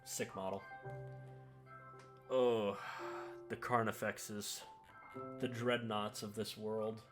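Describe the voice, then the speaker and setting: A man giving relaxed, offhand commentary while ranking miniatures, often saying "uh" and "eh". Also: on the low side, slow, over music. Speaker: hobby video creator. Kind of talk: casual tier-list commentary.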